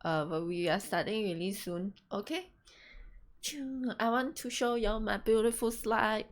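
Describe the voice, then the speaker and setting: A woman's voice: mid-range voice, measured pace. A young woman hosting a casual live stream, flustered and laughing through technical trouble. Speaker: stream host.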